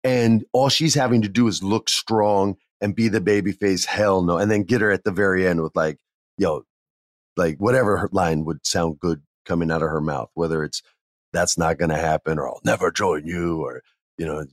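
A man casually telling a backstage story, animated and acting out the people he quotes. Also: low voice, moderate pace, no echo, clean studio sound. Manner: animated, acts out quoted voices. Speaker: podcast guest telling stories.

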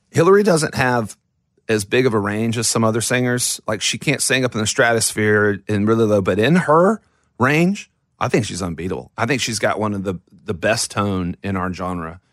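Low-voiced man, rambling interview answers. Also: fairly bright tone, no room sound, clean studio sound. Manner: rambling, lots of restarts and fillers. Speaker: band member interviewee. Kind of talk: casual interview talk.

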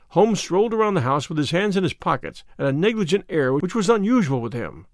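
Expressive male audiobook narrator. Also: high voice, fairly quick, few pauses, no echo, clean studio sound. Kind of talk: scripted narration.

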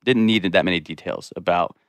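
A man as a podcast guest, speaking in a reflective, halting way with many "um" and "you know" fillers. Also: sits low, smooth, dry recording. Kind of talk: casual interview conversation.

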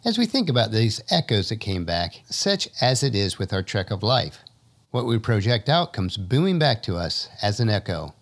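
A man hosting his own podcast, reading inspirational narration in an earnest, measured way from a home studio. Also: lowish voice, very animated. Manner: earnest, measured, motivational delivery. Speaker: podcast host.

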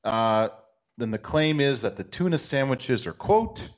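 A male podcast host with a lively, swinging delivery, cracking dry jokes in casual chat. The recording sounds a bit dull and lo-fi. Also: mid-range voice, measured pace. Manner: dry, joking.

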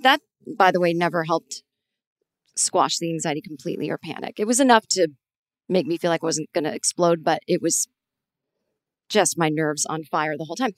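A woman in her forties hosting a podcast, telling a long personal story in a rambling, animated way with many restarts. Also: low voice, normal speed, dry recording, clean studio sound. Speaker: podcast host. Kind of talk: conversational interview.

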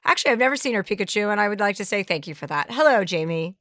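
Bright, teasing woman host. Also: medium pitch, animated, rapid-fire, no echo, clean studio sound. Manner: brash, teasing, crude jokes. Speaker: podcast host. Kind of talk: casual chat.

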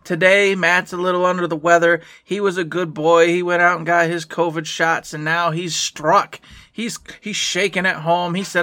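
A man's voice: sits high, moderate pace, dry recording, clean studio sound. A man hosting a podcast in casual, playful chat, introducing his co-host with jokes. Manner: animated, playful, jokey.

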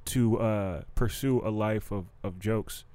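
A man's voice: fairly low pitch, takes it slowly, warm tone, no echo. A young man hosting a casual podcast chat, laid-back and full of "you know what I mean". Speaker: podcast host.

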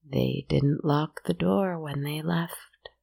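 A woman putting on a croaking, gloating witch. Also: sits low, dry recording, studio quality, heavily acted. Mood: sly. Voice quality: croaking, slow and hushed. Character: cruel mocking witch, hag shedding vermin.

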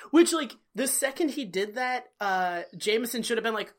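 A woman co-hosting a podcast, casually recapping an episode with profane jokes and quick put-on voices. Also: a little high. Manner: profane, joking, animated retelling. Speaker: podcast co-host.

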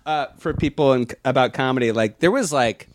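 A man's voice: medium pitch, a little fast, a little hiss or hum. A man in a casual podcast chat who swears often, jokes, and laughs easily. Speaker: podcast co-host.

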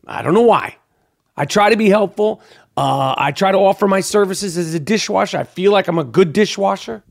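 A man's voice: sits high, a little fast, gravelly. A man hosting his own podcast in a brash, profane, rambling solo monologue, hyped up and talking freely. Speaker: podcast host.

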